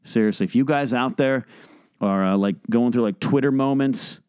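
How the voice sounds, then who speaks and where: Exasperated man ranting, smooth dry voice. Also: moderate pace, darkish tone, dry recording. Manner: exasperated, sarcastic, mimics beeping in a high squeal. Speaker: podcast host. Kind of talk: comedic solo rant. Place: home bedroom.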